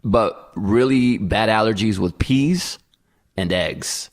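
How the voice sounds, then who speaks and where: A man co-hosting a casual podcast. He speaks in a lowish voice and tells his story with lively energy, throwing himself into what each person said. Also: slow pace. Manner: animated storyteller who acts out quotes. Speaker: podcast co-host. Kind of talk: casual chat.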